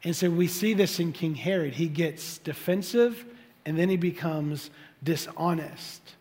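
A man delivers a sermon, his voice sitting high for a man. He talks animatedly, slipping into the voices of the people he quotes. A long reverb from the hall trails each phrase. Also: a little slow, a little mellow. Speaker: pastor.

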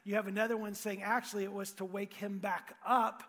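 High, bright-voiced male preacher in a big hall. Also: level tone, a little fast. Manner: storytelling, swings from hushed to shouting. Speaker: pastor. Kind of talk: sermon.

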